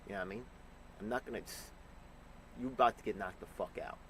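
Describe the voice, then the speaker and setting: A man angrily reacting to a news clip, ranting and swearing with sudden loud bursts. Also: lowish voice, quick pace, a little hiss or hum, rough recording. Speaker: commentator reacting to news clips. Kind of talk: profane reaction commentary.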